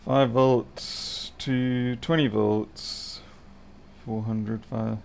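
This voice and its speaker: A man's voice: mid-range voice, very slow, creaky, darkish tone, slight background noise. A man thinking aloud and muttering to himself as he works through a live repair stream. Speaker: electronics repair technician.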